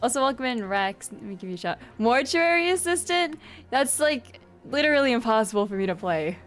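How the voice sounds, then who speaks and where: A woman's voice: on the high side, lively intonation, brisk, soft background music. A woman streamer chatting casually with her viewers, playful and giggly as she teases them. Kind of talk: casual live-stream chat.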